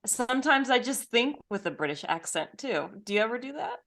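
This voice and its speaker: A woman's voice: fairly high pitch, lively intonation, brisk, a bit bright. Chatty woman podcast co-host. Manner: chatty, self-deprecating, laughs often. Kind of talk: casual chat.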